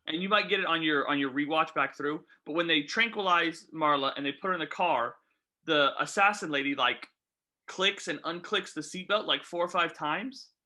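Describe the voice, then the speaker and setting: A man co-hosting a podcast, chatting casually while reviewing a movie and firing off animated questions. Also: on the high side. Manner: animated, rapid-fire questions, quotes own reactions. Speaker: podcast co-host.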